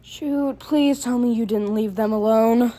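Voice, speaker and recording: A woman's voice: fairly high pitch, unhurried, mellow, natural voice. A woman voicing an anxious, caring teen girl. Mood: worried. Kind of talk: fan audio story voice acting.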